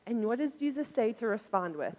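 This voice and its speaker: A woman giving a casual, conversational sermon, turning lively when she acts out what others said. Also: fairly high pitch, a little fast. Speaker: preacher. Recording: long reverb in a hall.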